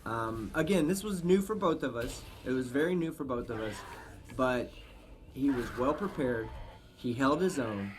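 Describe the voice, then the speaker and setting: A man hosting a live stream, chatting casually, swearing often and thanking viewers with emphatic shouts. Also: medium pitch, animated, normal speed. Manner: profane, emphatic, shouts out supporters. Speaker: livestream host. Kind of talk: casual livestream chat.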